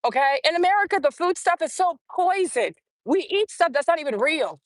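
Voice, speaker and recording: Brisk and blunt, a woman in her forties with a high-pitched voice talks right to her phone on an informal live stream, repeating phrases for emphasis in an animated way. The sound is close and dry, with no room sound.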